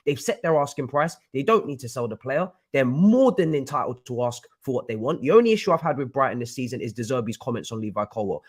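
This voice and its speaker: A man ranting angrily on a live stream about his football club, swearing and repeating himself. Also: fairly high pitch. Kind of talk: heated live-stream rant.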